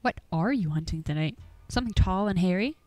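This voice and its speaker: Woman as a keen young cryptid hunter, earnest and coaxing, lowish, dry sound. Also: lively intonation, brisk, darkish tone, dry recording, faint music behind, natural voice. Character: young woman, eager paranormal video maker.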